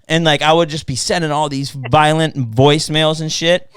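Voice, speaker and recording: A man's voice: fairly high pitch, moderate pace, smooth, dry recording. A man with a slightly raised voice, talking casually on a podcast and swearing freely. He tells stories with a lot of energy and mimics the people he quotes. The sound is dry and close. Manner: profane, animated storytelling with mocking quoted voices. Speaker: podcast host.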